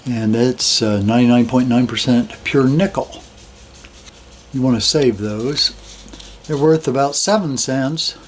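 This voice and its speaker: An older man showing his coin collection in a slow, relaxed, admiring way, with many fillers. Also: medium pitch, slight background noise. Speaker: metal detecting hobbyist host. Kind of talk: casual show-and-tell of a coin collection.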